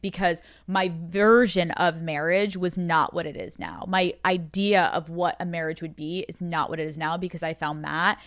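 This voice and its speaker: A woman's voice: on the low side, a bit bright, no room sound, clean studio sound. Candid, foul-mouthed young woman storyteller. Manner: frank, profane, chatty storytelling. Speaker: podcast host being interviewed. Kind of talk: casual candid conversation.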